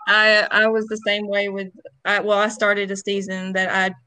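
A woman's voice: medium pitch, monotone, normal speed, sharp tone, no room sound. A woman guest on a podcast, a salon owner, chatting in a friendly, easygoing way. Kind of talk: casual chat.

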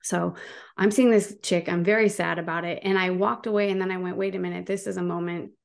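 A woman's voice: lowish voice, fairly even intonation, brisk, creaky. A woman, a guest activist, talking passionately in a casual interview and telling stories with frequent restarts.

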